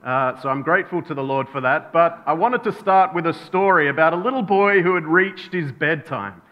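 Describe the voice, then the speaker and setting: A man's voice: on the high side, normal speed, highs cut off. A male pastor preaching a sermon, telling a bedtime story and acting out the voices in it. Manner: storytelling, acts out voices in anecdotes.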